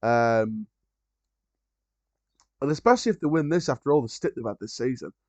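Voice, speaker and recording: A man's voice: medium pitch, expressive, normal speed, dry recording. A man hosting a live football watchalong, chatting casually about the match and other scores, with frequent ums and restarts.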